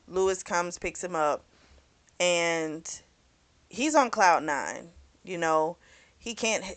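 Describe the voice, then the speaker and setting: A woman book club vlogger gives a casual spoken recap of a novel, chatty, loose and frank, dropping "you know" and "like" constantly and swearing now and then. Her voice is on the low side and a bit bright, with a clean tone.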